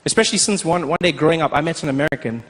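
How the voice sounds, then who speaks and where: A South African man telling a stand-up story in an animated way, slipping into put-on voices. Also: on the high side, very fast. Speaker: stand-up comedian. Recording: clip with loud background noise.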